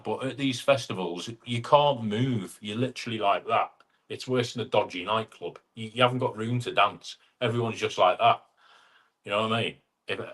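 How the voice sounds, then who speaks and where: A man's voice: medium pitch, a bit bright. A middle-aged man, hosting a casual live chat and greeting viewers by name as he reads their comments. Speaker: live stream host.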